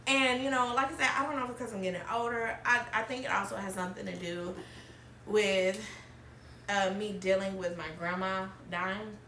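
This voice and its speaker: A woman's voice: mid-range voice, steady tone, moderate pace, pushed and bright, a little hiss or hum. Candid woman in an echoey room. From Alabama. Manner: candid, wavers between tears and laughter. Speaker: podcast host. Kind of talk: emotional personal conversation. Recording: echoey room, mic at a distance.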